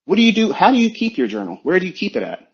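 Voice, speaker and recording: A man, a trading mentor, giving a forceful motivational rant full of swearing and rhetorical questions. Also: high-pitched, wildly swooping pitch, racing. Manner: forceful, profane, preachy. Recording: dull lo-fi sound.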